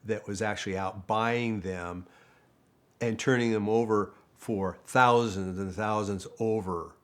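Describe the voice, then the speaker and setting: A man's voice: lowish voice, measured pace. An older man, a former dealership manager, telling a casual story in a chatty way and acting out other people's lines. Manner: chatty, quotes others in lively voices, laughs often. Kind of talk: casual anecdote.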